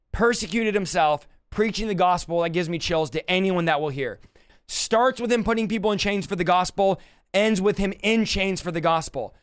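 A man's voice: high-pitched, clean tone, no room sound. A man teaching and preaching on a livestream, emotional and close to tears, ending in fervent prayer. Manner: emotional, exclaiming, near tears.

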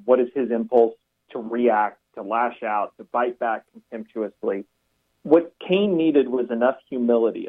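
A man, a pastor and author, talking as a guest on a radio interview in a measured, explanatory way over a narrow, phone-like line. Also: mid-range voice.

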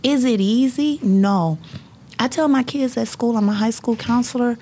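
Gravelly-voiced woman telling her faith story. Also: fairly high pitch, moderate pace, dark tone. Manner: earnest and faith-filled, breaks into laughter. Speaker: high school counselor. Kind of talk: personal storytelling in conversation.

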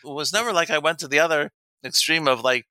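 Speaking fast in a voice on the high side, this middle-aged dating coach for men spins casual stories, performing each line of dialogue and breaking into frequent laughter. The audio is dry.

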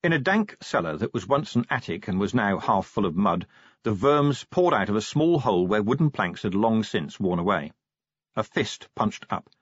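A man narrating an audiobook with dry, measured storytelling. His voice is husky and his pitch moves a lot, on a dull, dry recording. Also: sing-song, dry recording. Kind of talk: scripted narration.

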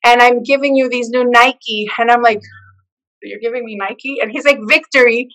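A woman telling her personal faith testimony in an animated way, acting out the voices of the people in her story. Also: on the high side, moderate pace, poor audio. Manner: expressive storyteller who acts out the quoted lines. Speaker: guest sharing her testimony.

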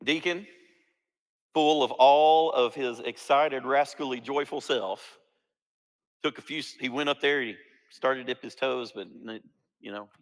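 A man's voice: medium pitch, a little slow, pauses often. A man preaching a sermon, acting out quoted lines with jokey asides. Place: church sanctuary. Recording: reverberant church hall.

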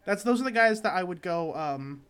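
High-voiced young man rambling. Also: animated, brisk, fairly bright tone, clean tone. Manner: rambling, filler-heavy storytelling with swearing. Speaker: podcast co-host. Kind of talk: casual chat.

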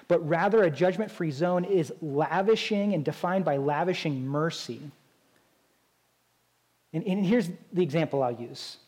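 A man's voice: high voice, warm tone. A man preaching a sermon as a pastor, in a conversational style with frequent rhetorical "right?" asides.

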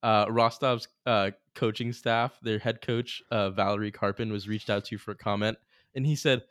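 A man's voice: lowish voice, moderate pace, no echo. Rambling young podcast guy, dry sound. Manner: animated, laughing, rambling with fillers. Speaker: podcast co-host. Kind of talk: casual chat.

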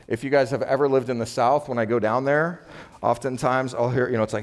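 A middle-aged man preaching a sermon in a relaxed, conversational way, acting out everyday exchanges. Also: medium pitch, moderate pace. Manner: conversational, acts out quoted exchanges with laughs. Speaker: pastor.

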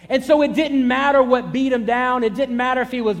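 A man with a noticeably high voice preaches a sermon as a pastor. He drives his points home through emphatic, repeated declarations, building up to each one, and stops to tell a story along the way. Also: normal speed, hardly any pauses.

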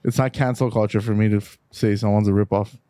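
A man's voice: fairly low pitch, steady tone, quick pace, mellow, no echo, studio quality. A man co-hosting a casual podcast, teasing and joking with the others. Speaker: podcast co-host.

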